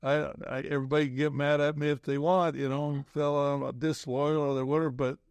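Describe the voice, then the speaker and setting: An older man, a former basketball coach, talking as a podcast guest in a halting way, full of restarts and "you know". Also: a little high, flat delivery, clear, resonant tone, dry recording. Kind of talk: casual interview chat.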